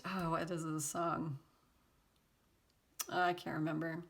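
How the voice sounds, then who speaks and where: A low-pitched woman with vocal fry and a level tone takes her time giving a casual tarot reading to her viewers. She chats, laughs readily, jokes sarcastically and uses lots of fillers, with background noise present.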